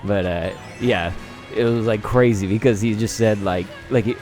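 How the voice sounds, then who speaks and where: A man commentating over gameplay, telling animated, profanity-laced stories in a rambling, casual way. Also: lowish voice, moderate pace, soft background music. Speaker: gaming commentator.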